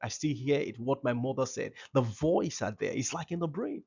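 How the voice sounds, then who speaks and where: A man's voice: mid-range voice, lively intonation, normal speed, creaky, a little mellow, husky, highs cut off. A man giving a seminar talk to parents, emphatic and repeating his key phrases.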